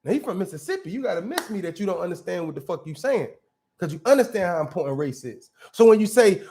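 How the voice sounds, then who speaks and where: A man's voice: sits high, very animated, fast talker, a little mellow. A man hosting a casual commentary show, arguing bluntly and with profanity as he reacts to clips, often restarting his sentences. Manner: blunt, profane, argumentative, restarts mid-thought.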